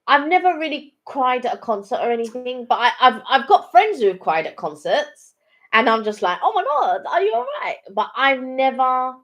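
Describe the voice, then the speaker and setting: Rambling woman in casual chat. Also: on the high side. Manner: rambling, with many ums and restarts. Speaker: co-host of a live chat stream.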